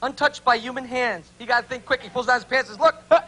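Bright, high-pitched male joke-teller. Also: fairly even intonation. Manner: quick punchlines, chuckling at his own jokes. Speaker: stand-up comedian. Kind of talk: rapid-fire dirty jokes. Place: comedy club stage.

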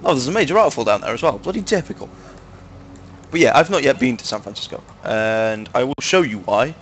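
A man's voice: medium pitch, big pitch swings, a little fast, slight background noise. A young man with a Manchester accent giving casual, joking gameplay commentary with friends, full of fillers. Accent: Manchester English. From England, Manchester. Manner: chatty, crude joking, lots of fillers. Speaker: gaming video host.

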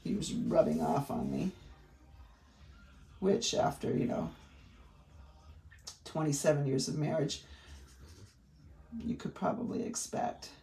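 A woman's voice: low-pitched, lively intonation, slow, vocal fry, long pauses, warm tone. A middle-aged woman with a Maine accent, demonstrating a craft technique in a chatty way with rambling asides. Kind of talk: craft tutorial. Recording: roomy echo.

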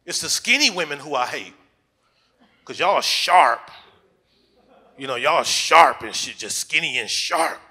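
A man working a comedy club stage with a brash, crude stand-up set. His voice is bright and forceful, and his pitch jumps all over as he slips into quick put-on voices. He speaks on a handheld stage mic. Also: lively intonation. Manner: loose, crude punchlines with vivid put-on voices.

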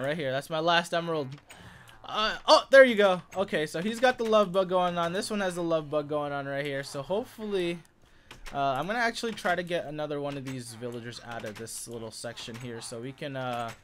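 A young man talks through his Minecraft session in a loose, rambling way, his voice sitting a little high. He gets frustrated easily and yelps when things go wrong. A faint hiss and the clicking of a keyboard sit under his desk microphone. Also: a bit bright. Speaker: gaming YouTuber. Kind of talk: casual Minecraft let's play commentary.

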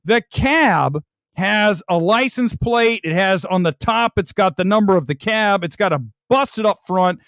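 A man's voice: sits high, measured pace, no room sound. A male host ranting about a movie on a live stream, mocking it and laughing often as he talks. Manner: animated, mocking, laughs a lot while ranting.

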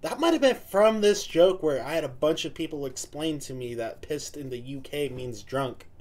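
A man's voice: a little high, expressive, moderate pace, darkish tone. A man giving casual, profane reaction commentary and laughing often. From United States. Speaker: reaction video host.

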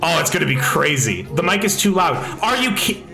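A young man streaming live, chatting excitably, reading chat aloud and swearing a lot, on a slightly echoey desk mic with faint music behind. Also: fairly high pitch, brisk, gravelly. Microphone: desk microphone.

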